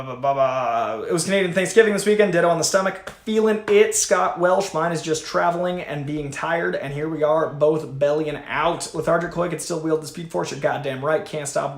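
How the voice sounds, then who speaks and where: A man hosting a livestream, reading viewer super chats aloud in an energetic, profane, chatty way. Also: fairly high pitch, creaky. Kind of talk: casual livestream chat. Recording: echoey room.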